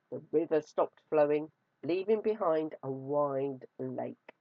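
Slow, lowish woman storyteller; storybook read-aloud, dry and slightly dull sound. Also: no echo. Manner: expressive, drawing out words for effect.

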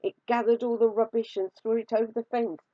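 A woman reading a children's storybook aloud, expressive and drawing out words for effect. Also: a little high, a little fast, dry recording. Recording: dry, slightly dull recording.

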